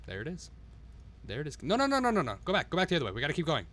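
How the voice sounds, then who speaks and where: A man with a fairly high voice that leaps all over the place, running a live-stream commentary over a game. He swears nonstop, mutters to himself and gets loud whenever something puzzles him. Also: brisk, long pauses. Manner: excitable, swears constantly, talks to himself.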